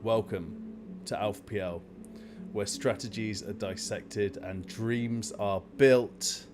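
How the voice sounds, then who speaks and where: A man hosting a casual live stream, telling an exasperated, animated story and rambling with many fillers. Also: lowish voice, slow, music in the background.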